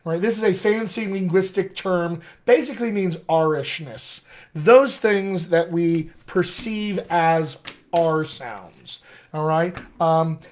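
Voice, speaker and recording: A man's voice: on the high side, slow pace, darkish tone. An American man, a dialect coach, teaching casually on a live stream, chatting with viewers and using many fillers. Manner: chatty and filler-heavy, greets viewers by name.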